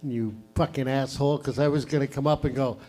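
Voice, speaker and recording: A man hosting a live stand-up show on stage, loud and profane, rambling between jokes. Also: mid-range voice, fairly even intonation, a little fast, soft background music. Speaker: comedy show host. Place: live comedy venue stage.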